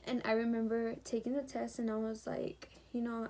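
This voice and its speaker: A woman's voice: on the high side, level tone, a little fast, darkish tone. A seventeen-year-old girl telling a personal story in a chatty, emphatic vlog style full of fillers. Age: teens. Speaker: vlogger. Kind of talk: casual storytime.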